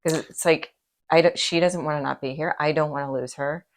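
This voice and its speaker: A middle-aged woman with a voice low for a woman hosts an intimate, casual conversation about grief. She talks fairly quickly in a steady tone, expressive and empathetic, slipping into little acted-out quotes as she tells a story.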